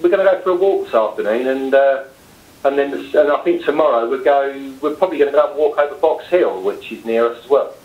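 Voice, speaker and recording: A man's voice: medium pitch, lively intonation, a little fast. A man with a London accent, chatting casually as a guest, hesitant and full of restarts. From London, England. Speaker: guest, cab driver. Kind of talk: casual chat. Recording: echoey, dull lo-fi sound.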